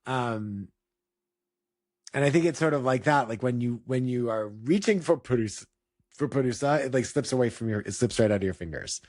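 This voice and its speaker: A man's voice: medium pitch, normal speed, a little mellow, no echo, clean studio sound. A man who teaches yoga, chatting casually and reflectively, full of "like" fillers and restarts. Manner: rambling, many "like" fillers and restarts. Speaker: yoga teacher and podcast co-host.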